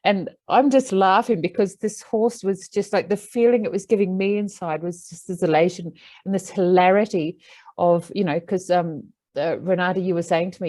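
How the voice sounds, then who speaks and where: An Australian woman recounts a story casually and with animation, peppering her speech with fillers. Her voice sits a little low for a woman. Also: steady tone, normal speed, mellow, rough recording. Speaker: animal communicator.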